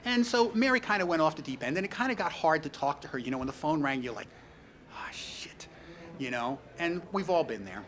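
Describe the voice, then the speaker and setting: A man's voice: fairly high pitch, lively intonation, quick pace, hardly any pauses, a bit bright. A middle-aged man with a New York accent giving a rambling, anecdotal eulogy full of "you know" and wry humor. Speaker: speaker at a memorial tribute. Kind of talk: storytelling eulogy.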